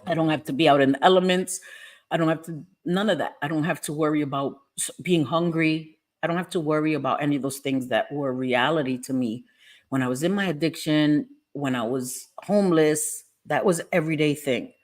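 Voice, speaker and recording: A woman's voice: low-pitched, a little fast, darkish tone. Teary middle-aged woman on a livestream, keeps saying sorry and repeating herself. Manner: tearful, apologetic, repeats phrases. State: crying. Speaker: livestream host. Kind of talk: emotional personal livestream.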